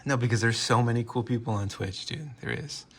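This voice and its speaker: A man's voice: mid-range voice, a little fast, slightly rough. An American man rambling through a casual vlog, joking and interrupting himself often. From United States. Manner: rambling, self-interrupting, jokey. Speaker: vlogger.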